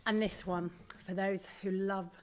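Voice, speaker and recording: A middle-aged woman giving a candid, animated talk to an audience as a parent. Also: medium pitch, a little slow, a little hiss or hum. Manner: animated, candid, self-deprecating. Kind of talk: live presentation to an audience.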